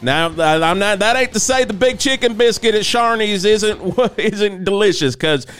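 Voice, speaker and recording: A man's voice: sits high, normal speed, a bit bright, clean tone, soft background music. A man playing a rambling good-old-boy trucker who fills in as a radio host in an improvised comedy parody. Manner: folksy, rambling, says ain't and y'all.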